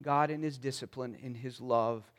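A man preaching an expository sermon in an earnest, pleading way, moving between soft stretches and emphatic ones. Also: medium pitch, steady tone, moderate pace. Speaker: pastor.

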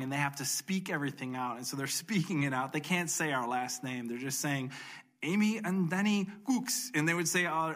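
A man sharing a personal faith testimony in an earnest, emotional way, speeding up and slowing down for emphasis. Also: mid-range voice, a bit bright. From United States.

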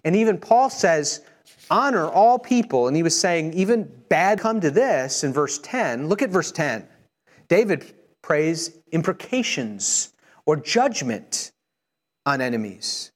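A man preaching a sermon, earnest, slowing down and softening his voice when he voices prayers. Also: on the high side, very animated. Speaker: pastor.

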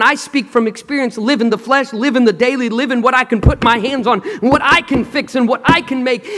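A male pastor preaching a sermon in a large auditorium. He speaks emphatically and swings between loud, dramatic lines and hushed ones, and calls on the congregation to respond. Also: extremely high pitch. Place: large auditorium with long reverb. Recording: long hall reverb.

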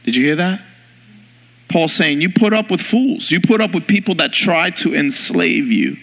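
Pastor, man, bright high voice, preaching in a reverberant church hall. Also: expressive, gravelly. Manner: preaching with rising pitch and emphatic slow lines. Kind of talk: sermon. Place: church sanctuary. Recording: long reverb of a large hall.

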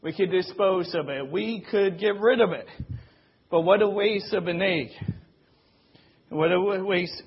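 A man's voice: fairly high pitch, breathy edge. A man preaching a sermon in an earnest, repetitive way, leaning on rhetorical questions. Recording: dull lo-fi recording.

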